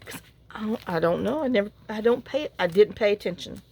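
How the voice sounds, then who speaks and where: A woman, talking in a casual, rambling way while she works on a craft project at home. She tells a story frankly, with sighs and asides. Her voice sits at an ordinary middle pitch. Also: lively intonation, a little fast, gravelly, a little mellow, a little hiss or hum. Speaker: crafting vlogger.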